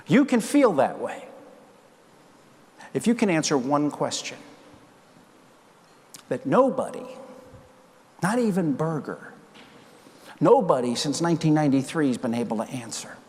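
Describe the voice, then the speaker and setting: In a large, reverberant conference hall, a man in his sixties delivers a storytelling keynote, voicing the characters' dialogue with animation. He has a fairly high pitch and speaks unhurriedly, leaving long pauses.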